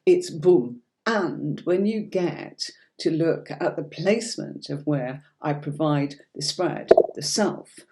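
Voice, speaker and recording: She speaks slowly in a fairly low, mellow voice. A Yorkshire woman with a light accent, she gives a chatty, reassuring tarot lesson on a livestream and calls her viewers darling.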